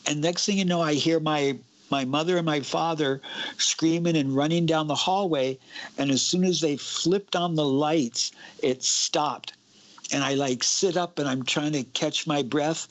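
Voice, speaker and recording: A man's voice: a little high, steady tone, measured pace, low-quality recording. A young man on a talk show, telling a personal ghost experience in a casual, suspenseful way. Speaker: guest. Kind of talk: casual storytelling.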